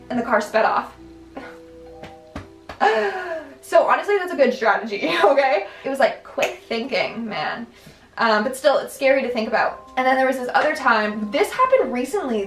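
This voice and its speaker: A young woman vlogger tells her stories in a loose, rambling way, stuffing them with "like" and restarts. Her voice sits a little high. She sounds set back from the mic in an echoey room, with faint music underneath. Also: distant mic. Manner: chatty, filler-heavy, lots of "like" and restarts. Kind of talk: casual storytelling.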